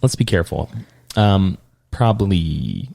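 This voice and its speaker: A man co-hosting a casual podcast chat, leading the topics in a relaxed, rambling way. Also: low-pitched, unhurried, creaky, husky. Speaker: podcast co-host leading the episode.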